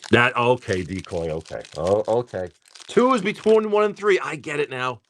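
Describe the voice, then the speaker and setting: A man's voice: medium pitch, lively intonation, moderate pace, slight background noise. A tired middle-aged man hosting a live card-opening stream, casually chatting, teasing viewers and swearing freely. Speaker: card-breaking stream host.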